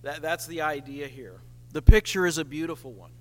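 A man preaching a sermon as pastor, slow and emphatic with dramatic pauses. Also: on the high side, expressive, fairly bright tone, in a large hall.

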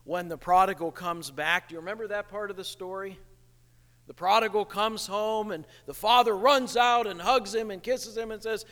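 A man preaching a sermon in an animated way, acting out the people he quotes. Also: high-pitched, moderate pace. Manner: animated, acts out quoted voices, chuckles at the irony. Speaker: pastor. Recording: reverberant hall.

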